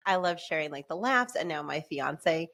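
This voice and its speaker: A woman chatting as a podcast guest, talking in a loose, eager way full of "like" and quick restarts, laughing easily. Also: sits low, lively intonation, vocal fry, a bit bright. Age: adult with a son and fiance. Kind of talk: casual conversational interview.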